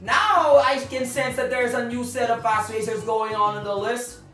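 A woman commentating her racing game play, excitable, swearing and yelping. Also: fairly high pitch, moderate pace. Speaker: gaming channel host. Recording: roomy, distant from mic. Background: game music.

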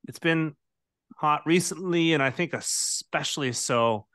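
A man with a bright, forceful voice leads an interview, reacting quickly and cheerfully to his guest. The sound is dry and close, with no room echo at all. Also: a little high. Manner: laughs easily, quick affirmations. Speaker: podcast host. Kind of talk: interview questions and backchannel.

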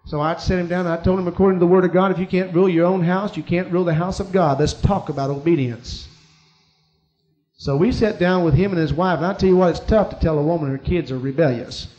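High-voiced preacher telling a church story. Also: male voice, fast talker, a little mellow, dull audio. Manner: storytelling preacher, rising to emphatic peaks. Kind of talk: sermon.

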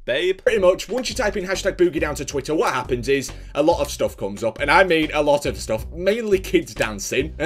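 A man's voice: a little high, animated, fairly quick, few pauses. A young man vlogging casually, crude and joking, swearing constantly. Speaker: YouTuber. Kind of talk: casual vlog.

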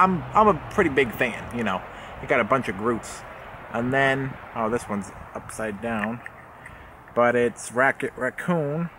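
A man's voice: medium pitch, background noise. A young man vlogging as he unboxes a subscription box, rambling and jokey, often correcting himself. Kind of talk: casual unboxing vlog.

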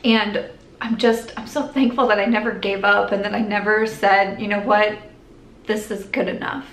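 A woman's voice: mid-range voice, level tone, normal speed, fairly bright tone. Chatty young woman vlogging makeup. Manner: rambling, lots of "like" and restarts, earnest. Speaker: beauty vlogger. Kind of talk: chatty get-ready-with-me vlog. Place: at home doing makeup. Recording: echoey room.

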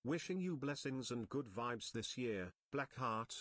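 A male text-to-speech voice reading out viewer messages flatly, emoji names included. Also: mid-range voice, a little slow, noisy background. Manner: flat, reads emoji names aloud. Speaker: text-to-speech donation reader.

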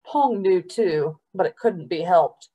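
Unhurried woman reading a story aloud. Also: on the low side, husky. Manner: unhurried, expressive. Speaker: library storyteller.

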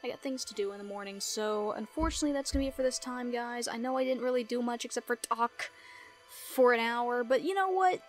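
A woman's voice: a little high, fast talker, soft background music. A woman hosting a casual game playthrough, playful and self-mocking, with giggly asides. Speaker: gaming video host.

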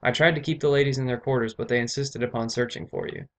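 A man voicing a frightened, apologetic female servant in a raised, higher voice. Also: fairly even intonation, fast talker, lightly acted.

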